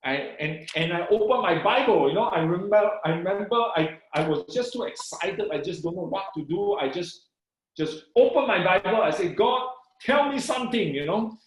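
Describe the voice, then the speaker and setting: A middle-aged man from Malaysia tells his life story with lively, swinging pitch and a slightly high voice. He repeats small phrases and slows right down to read scripture with emphasis. The room around him is echoey. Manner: excited, repeats "I said" and "you know", reads scripture with slow emphasis. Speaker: guest sharing his testimony. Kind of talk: animated personal testimony.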